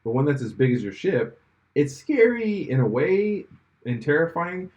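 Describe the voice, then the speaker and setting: A man's voice: a little high, very animated, normal speed, darkish tone, highs cut off. Rambling man chatting on a podcast. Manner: rambling, laughs often, many fillers and restarts. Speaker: podcast co-host. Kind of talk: casual chat.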